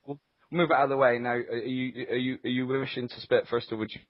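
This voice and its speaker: A man's voice: medium pitch, flat delivery, fast talker, dry recording. A man co-hosting a casual podcast, self-deprecating and nervously laughing through a comic rap. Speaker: podcast co-host. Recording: dull, dry lo-fi podcast audio.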